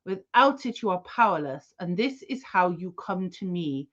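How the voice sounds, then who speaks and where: A woman playing a smug male French information broker, speaking slowly and lecturing. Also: lowish voice, lively intonation, fairly bright tone, highs cut off. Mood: lofty.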